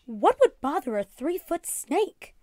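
A woman's voice: high voice, big pitch swings, slow, darkish tone, dry recording, pitched above the performer's own voice, exaggerated voice. A woman reading aloud and voicing a nervous, squeamish mother in a storybook. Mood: uneasy.

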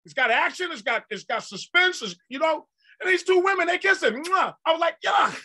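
A man preaching a sermon with fervor, swinging from quiet stretches to loud bursts and repeating words for emphasis. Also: extremely high pitch, lively intonation, brisk. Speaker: apostle preaching.

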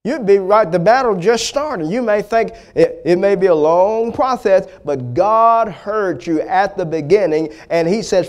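A man's voice: high voice, a little slow, hardly any pauses, a little mellow. A man preaching a sermon as a pastor. He retells the story dramatically and speaks straight to the congregation.

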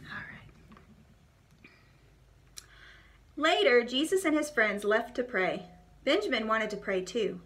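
Bright expressive woman storyteller. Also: fairly high pitch, normal speed. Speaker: children's devotion storyteller. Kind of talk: reading a children's storybook aloud.

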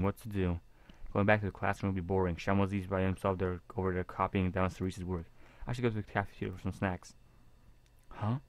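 A man reading a visual novel aloud in a casual, halting way with jokey asides. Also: deep voice. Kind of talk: casual game reading with commentary.

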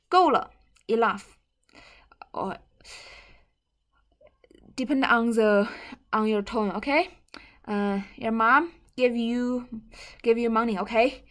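A woman whose first language is Mandarin Chinese, teaching a bilingual language lesson and patiently repeating and glossing each word. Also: medium pitch.

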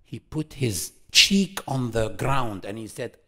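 A man giving a religious lesson to an audience, animated and full of rhetorical questions, acting out quotes. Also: medium pitch, slow pace, few pauses. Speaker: Islamic lecturer.

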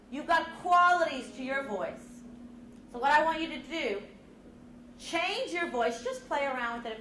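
A woman leading a middle-school drama lesson, coaching students with energetic, encouraging instructions. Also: extremely high pitch, heavy background noise. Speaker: drama teacher. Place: school classroom. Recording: echoey classroom with students around.

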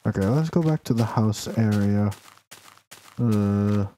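A young man streaming a game from home, rambling in a playful, unhurried way. His voice is dark and mellow. A faint hiss sits under the recording. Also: on the low side. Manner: rambling, playful, talks to game characters in mock outrage. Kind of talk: casual live game stream. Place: home room, sitting in a noisy chair.

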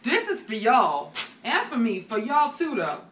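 A woman playing a loud, sassy, irate customer from the Bronx, with a New York accent, complaining on a phone call. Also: fairly high pitch, wildly swooping pitch, a little slow, reverberant, recorded from a distance, a little hiss or hum, exaggerated voice. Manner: brash slangy complaining. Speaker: caller.

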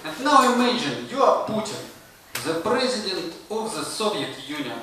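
A man from Russia with a Russian accent, performing a stand-up comedy set with a slow, deadpan delivery. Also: sits high. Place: stage in a comedy venue. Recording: very echoey room, voice from a distance, audible noise.

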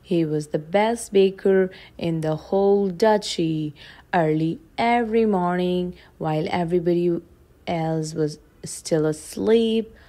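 Slow, low-voiced woman reading a storybook. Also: warm tone. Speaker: storybook reader. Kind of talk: reading a children's picture book aloud.

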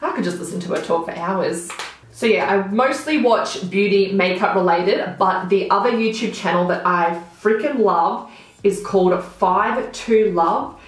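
Recorded in a very echoey room, a young woman talks unhurriedly in a mid-range voice as she does her makeup for her beauty vlog. She's bubbly and gushing in this casual chat to camera, letting her phrases fade into mumbles.

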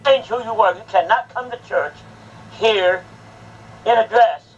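A man's voice: sits high, unhurried. A man, a pastor, lecturing bluntly and sternly during a confrontation in a church. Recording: muffled with faint background noise.

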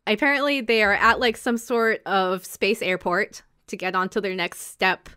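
Medium in pitch, with a sharp, clear and resonant tone, a woman hosts a podcast recapping episodes. She keeps it chatty and casual, tossing in quick impressions of characters' lines.

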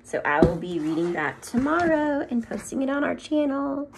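A second grade teacher with a high-pitched voice reads a children's book aloud at normal speed, telling the story in a gentle, expressive way. Background noise can be heard.

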